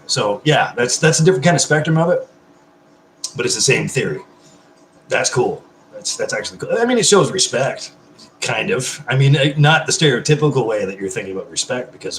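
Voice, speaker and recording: A man's voice: medium pitch, reverberant, slight background noise, low-quality recording. A man chatting on a live stream, drinking beer while he answers comments, effusive, rambling and swearing constantly. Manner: effusive, rambling and heavily profane. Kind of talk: casual live-stream chat.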